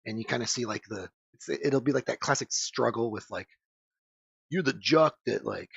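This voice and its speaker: Gravelly rambling man, lo-fi dry sound. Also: medium pitch, normal speed, fairly bright tone, no room sound. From United States. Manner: rambling, swearing, frequent fillers. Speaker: podcast co-host. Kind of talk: casual crude banter.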